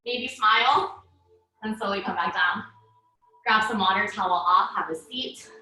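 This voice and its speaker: A woman teaching a live online yoga class, cueing breaths and poses in a calm, paced way while out of breath. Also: mid-range voice, measured pace, faint music behind. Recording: echoey room from far off.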